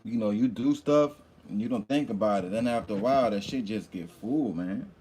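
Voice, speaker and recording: A man hosting a casual livestream, shouting hype greetings to viewers by name and rambling in loose asides, a little hungover. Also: on the low side, fairly quick, a little hiss or hum. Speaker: livestream host.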